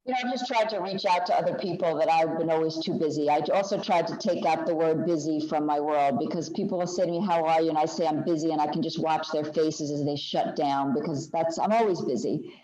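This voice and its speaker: A woman's voice: deep voice, warm tone, muffled recording. An older woman co-presenting an online workshop, speaking reflectively in a conversational way over a video call. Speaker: webinar co-presenter. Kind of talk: casual talk to an online audience.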